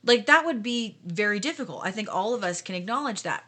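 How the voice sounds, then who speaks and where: A woman's voice: medium pitch, expressive, brisk, a bit bright. A woman co-hosting a casual Bible discussion podcast, thoughtfully explaining historical context. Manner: thoughtful, explanatory, asks listeners to imagine. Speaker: podcast co-host.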